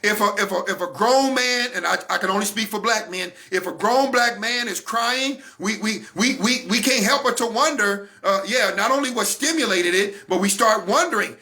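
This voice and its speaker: Fervent high-voiced man preaching to camera. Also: normal speed, hardly any pauses. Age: 40s. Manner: fervent, repeats phrases for emphasis, builds to shouts. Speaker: host of a weekly online talk broadcast. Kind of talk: impassioned faith-based talk to camera.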